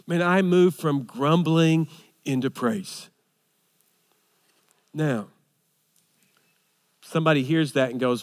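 A male pastor delivering a sermon with an earnest, rhythmic build of repeated phrases. His voice sits a little high for a man, and a long hall reverb trails each line. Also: slow, pauses often. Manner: earnest, repetitive preaching cadence with frequent restarts and lists.

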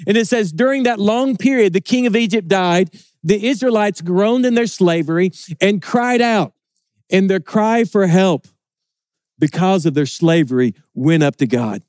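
A man's voice: sits high, animated, moderate pace, darkish tone, dry recording, clean studio sound. A man preaching a sermon in an earnest way, often repeating words as he builds emphasis.

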